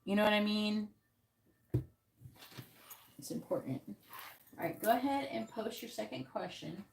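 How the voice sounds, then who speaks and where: A woman's voice: medium pitch, lively intonation, a little slow, creaky, slight background noise. A woman giving frank, swear-laden advice as a psychic tarot reader on a live stream, coaching the client on what to say.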